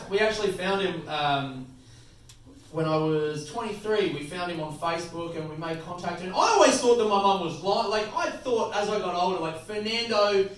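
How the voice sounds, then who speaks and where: A man in his late twenties with an Australian accent, doing a crude, animated stand-up comedy set. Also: sits high, moderate pace. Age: late 20s. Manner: crude, loud punchlines, animated crowd-work. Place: comedy club stage. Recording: echoey venue, picked up from a distance. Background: audience laughter.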